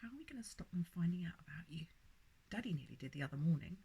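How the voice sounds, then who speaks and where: A woman's voice: on the low side, animated, quick pace, creaky, warm tone, husky, heavily acted. A woman voicing an earnest, worried little girl in a storybook reading. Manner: anxious, tearful, earnest.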